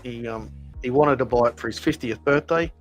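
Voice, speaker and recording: A man's voice: mid-range voice, a little fast, soft background music, rough recording. A man, a podcast co-host, telling a long anecdote in casual chat with many fillers and restarts. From Australia.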